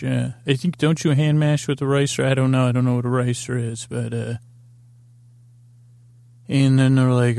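A man's voice: mid-range voice, level tone, normal speed, creaky, dark tone, clear, resonant tone, dry recording, studio quality. A man hosting a podcast, loosely recapping scenes in a rambling way, full of fillers and restarts as he paraphrases what characters say. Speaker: podcast host. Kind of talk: rambling episode recap for sleep.

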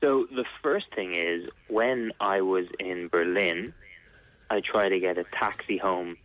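A man's voice: deep voice, a little slow, a bit bright, highs cut off. A man, a guest on a radio show, talking in a laid-back, easy way. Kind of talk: casual radio chat.

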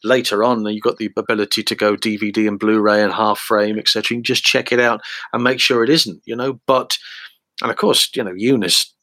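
A man's voice: on the low side, fairly even intonation, brisk, sharp tone, dry recording. Rambling male storyteller, dry sound. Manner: rambling, many fillers, acts out quotes. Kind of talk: casual anecdotal chat.

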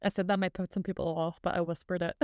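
A woman's voice: lowish voice, flat delivery, fast talker, a little mellow, dry recording, clean studio sound. A woman from Britain co-hosting a podcast, chatting in an easygoing way with lots of "like.". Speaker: podcast co-host. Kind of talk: casual chat.

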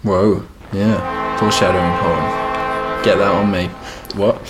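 A man's voice: deep voice, little pitch movement, unhurried, over loud music. A man co-hosting a casual literature podcast, recapping a novel with a wry, dry humor and laughing asides. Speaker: podcast co-host.

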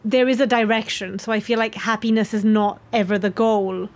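A young woman from Romania, a guest talking frankly and lively in a casual interview. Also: mid-range voice, normal speed. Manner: lively, frank, laughs easily. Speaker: guest, actress and writer.

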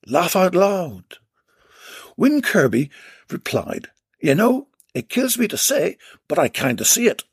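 A man hosts a comedy podcast, reading listener comments aloud with cheeky, mock-dramatic asides. His voice is quite husky and swings widely in pitch, set a little high. The recording is close and dry. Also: wildly swooping pitch, a little slow, no room sound. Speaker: podcast host. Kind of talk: comic podcast monologue reading listener posts.

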